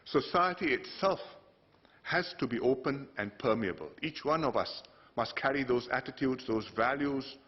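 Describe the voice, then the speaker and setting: Man giving a measured parliamentary speech. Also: medium pitch, animated. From Singapore. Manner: measured, delivered in short phrases with emphatic rises. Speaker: politician addressing parliament. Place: parliament chamber. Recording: dull broadcast audio.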